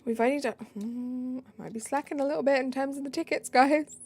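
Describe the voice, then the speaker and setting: A tired British woman chatting casually on a live stream, giggly, reading chat aloud and dropping into soft asides. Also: sits high, brisk, slight background noise.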